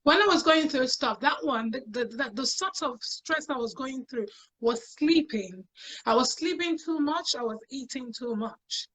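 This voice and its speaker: A woman's voice: high voice, expressive, measured pace, fairly bright tone. A woman, a talk show guest, telling her own story in an earnest way and repeating phrases for emphasis. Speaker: guest sharing personal experience. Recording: dull lo-fi sound.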